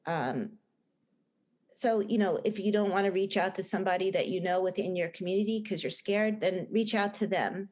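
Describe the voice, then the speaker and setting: Earnest rambling woman with a Jersey accent. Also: medium pitch. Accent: New Jersey. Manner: earnest, rambling with many restarts and "like". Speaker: guest, film director and writer. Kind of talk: casual podcast interview.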